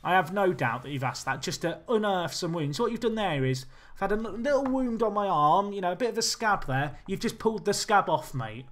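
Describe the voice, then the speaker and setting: Young streamer, animated casual commentary, a touch high-pitched, soft music underneath. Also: male voice, a little fast. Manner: chatty, animated, reacts to chat.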